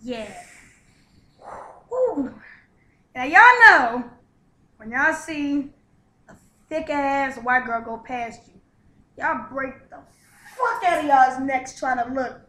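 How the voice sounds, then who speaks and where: A young woman with a high, sharp voice holds forth in loose, comedic vlog banter. She talks bluntly and swears freely. The room around her rings with echo. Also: takes it slowly. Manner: blunt, profane, animated. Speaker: co-host. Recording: echoey room.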